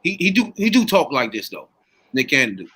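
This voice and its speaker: A man hosting a casual podcast chat, telling the story in an animated way and steering the topic. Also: a little high, a little fast, slightly rough.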